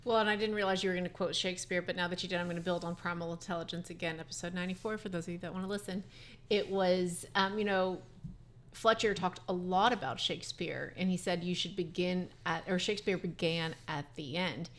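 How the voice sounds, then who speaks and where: A woman lawyer on a podcast, speaking in casual conversation, pausing with ums as she thinks. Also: on the low side, fairly even intonation. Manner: thoughtful, frequent ums and restarts. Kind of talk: casual professional chat.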